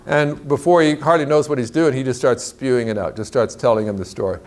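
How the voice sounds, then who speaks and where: A man preaching to a large church crowd, telling a story with lively acted-out quotes and a lot of pitch jumps. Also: a little fast. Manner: animated storyteller, acts out quotes in a higher voice. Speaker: guest speaker. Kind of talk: sermon storytelling. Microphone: clip-on mic.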